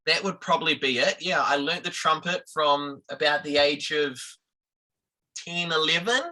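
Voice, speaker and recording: A man's voice: fairly high pitch, steady tone, moderate pace, sharp tone. A man chatting as an interview guest over a video call, rambling and self-deprecating, laughing easily.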